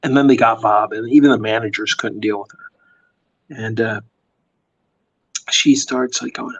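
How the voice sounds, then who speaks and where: A male comic artist chats casually while drawing late at night, rambling through stories with lots of fillers. His mid-range voice is steady and slightly rough, at a moderate pace with frequent pauses, and the sound is lo-fi.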